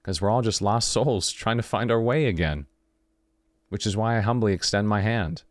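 The recording is dry and studio-clean, carrying a man's fairly low voice at a moderate pace. As a podcast host, he reflects aloud late at night and brings the exchanges he recalls to life by acting them out.

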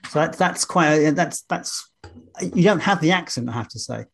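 Higher-voiced stumbling male host. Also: animated, moderate pace, vocal fry, fairly bright tone, breathy edge. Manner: hesitant, repeating words, enthusiastic questions. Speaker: podcast host. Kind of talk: casual interview chat.

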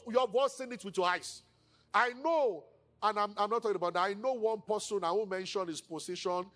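Preaching as pastor, a Nigerian-accented man speaks with a voice that sits high. He animatedly acts out quoted speakers, lowering to hushed tones.

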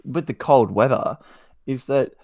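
A man's voice: medium pitch, unhurried, muffled recording, crowd noise. A young man co-hosting a podcast, chatting casually and ranting in mock outrage. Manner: jokey, mock-outraged rants. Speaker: podcast co-host.

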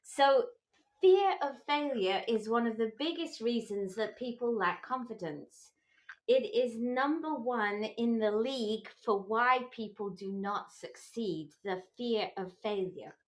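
A middle-aged woman hosting a podcast, talking slowly and earnestly in an encouraging motivational tone. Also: fairly high pitch, low-quality recording. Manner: slow, earnest and encouraging, with small restarts. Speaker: podcast host. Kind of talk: motivational talk.

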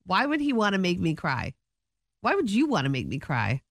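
A woman in her thirties co-hosting a studio podcast, expressive and quick to laugh in casual banter. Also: lowish voice, no room sound. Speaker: podcast co-host.

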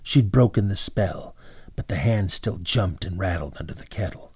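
A man's voice: low-pitched, moderate pace, a little mellow, husky, no echo. A man narrating a storybook dramatically, dropping into whispers at tense moments.

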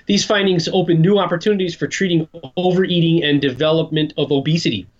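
A man's voice: a little high, fairly even intonation, fast, lo-fi sound. A man co-hosting a casual chat show, reading articles aloud with dry remarks. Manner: dry, wry, reads articles with comments. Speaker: podcast co-host.

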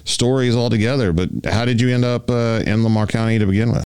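Male host, very deep voice, smooth and resonant, casual questions, dry sound. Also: steady tone, quick pace, a little mellow, no echo. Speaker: interview host. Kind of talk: casual interview.

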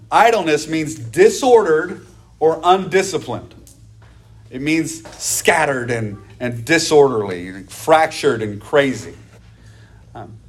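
Lively, higher-voiced man preaching. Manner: animated, acts out gossiping voices. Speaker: pastor. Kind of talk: sermon.

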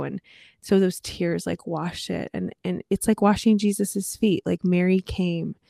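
A young woman co-hosting a faith podcast, reflecting in a warm, affirming way. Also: fairly low pitch, creaky, no echo, clean studio sound. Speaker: podcast co-host. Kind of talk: casual faith chat.

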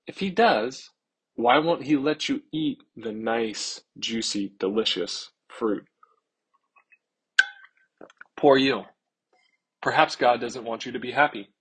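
A man's voice: mid-range voice, slow pace, pauses often, slightly rough. A man reading as a sly coaxing serpent.

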